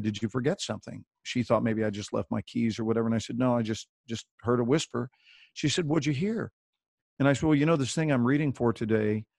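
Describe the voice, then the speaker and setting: A man's voice: on the low side, darkish tone, no room sound, studio quality. A middle-aged man, an actor, telling a playful, theatrical story as a guest on a video call.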